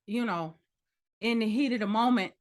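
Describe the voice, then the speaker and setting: A woman co-hosting a podcast in casual chat, animated and joking, laughing often. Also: on the high side, moderate pace. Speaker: podcast co-host.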